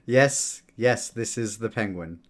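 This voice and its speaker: A man's voice: on the low side, takes it slowly, fairly bright tone, a little hiss or hum. A man giving laid-back, chuckling commentary while streaming a video game. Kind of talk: casual gameplay commentary.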